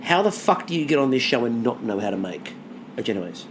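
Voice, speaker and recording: A man co-hosting a podcast in casual chat, animated, swearing freely and listing things off. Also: medium pitch, fast talker, slight background noise. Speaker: podcast co-host.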